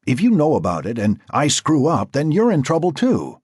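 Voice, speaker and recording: A man's voice: fairly high pitch, huge pitch swings, normal speed, darkish tone, husky, no echo, studio quality, voice pushed up, full character voice. A man playing a wry undercover cop. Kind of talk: audiobook character voice.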